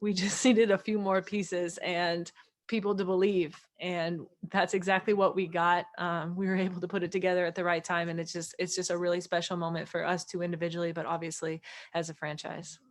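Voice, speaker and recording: Woman ballplayer at a presser, lowish voice, chill and candid, laughs a lot. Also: a little fast. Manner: relaxed, laughing easily, candid. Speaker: pro basketball player at a press conference. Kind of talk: post-game press conference answers.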